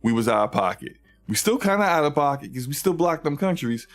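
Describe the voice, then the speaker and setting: A man mockingly voicing a fawning, smug male company rep who turns dismissive, pitching his voice well above his own. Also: big pitch swings, a little fast. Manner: overly accommodating, then dismissive.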